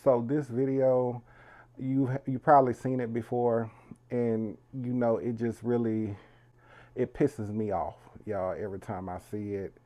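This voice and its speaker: A host talks casually to his viewers in a medium-pitched, dark voice with flat delivery and a measured pace. His video commentary is chatty, and he keeps calling everyone "y'all."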